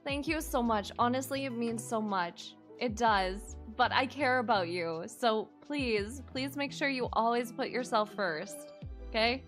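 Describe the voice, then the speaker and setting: A young woman streamer chatting casually with her viewers, excitable and quick to squeal minced oaths. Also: a little high, soft background music. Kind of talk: casual live-stream chat.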